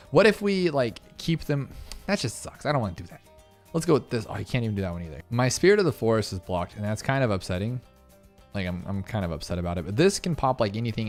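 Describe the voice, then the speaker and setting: A young man giving casual, excitable gameplay commentary, thinking aloud with lots of fillers as he tries things and reacts. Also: medium pitch. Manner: fast, excitable, full of fillers and self-talk. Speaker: gaming channel host. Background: faint game music.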